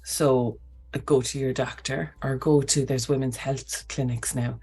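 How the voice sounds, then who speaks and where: A woman, hosting a casual live talk in an animated, chatty way, often tagging on okay and right. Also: a bass voice, a little slow, slightly rough, soft background music. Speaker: host.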